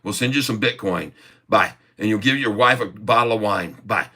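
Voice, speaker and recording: Guy putting on a pushy short seller, begging on the phone, sharp forceful voice. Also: lowish voice, normal speed. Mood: pleading. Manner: pleading, pushy.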